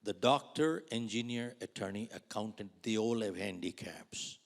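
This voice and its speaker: A man's voice: on the low side, normal speed, gravelly. A man voicing a blunt, stern male insurance manager, curt and scolding as he speaks.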